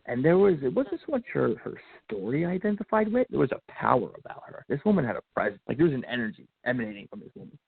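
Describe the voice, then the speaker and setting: A man tells a heartfelt personal story in a gravelly, husky voice whose pitch rises and falls a great deal. He is animated, acts out the lines of the people in his story, and keeps restarting his sentences. The sound is narrow and phone-like, and the room is dry. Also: quick pace, hardly any pauses, dry recording. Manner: animated, acts out quotes, frequent fillers and restarts. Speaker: podcast guest. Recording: phone-like narrow band audio.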